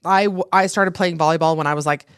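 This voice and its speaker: A woman's voice: lowish voice, steady tone, fast talker, clean tone, no echo, studio quality. A woman from Utah, a podcast guest in casual chat, rambling with many fillers.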